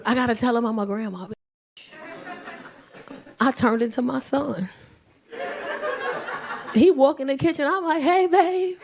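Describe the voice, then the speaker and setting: A middle-aged woman with a fairly high, gravelly voice performs a loud, brash, profane stand-up set on a comedy club stage, acting out characters in quick voices. The live club recording carries a little hiss or hum and faint crowd laughter behind her.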